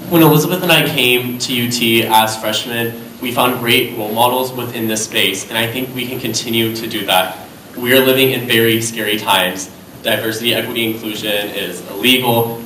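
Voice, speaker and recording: A man's voice: lowish voice, bright, forceful tone. A young man, a student candidate, giving an impassioned, rallying debate closing statement. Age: young adult. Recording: roomy hall, faint background noise.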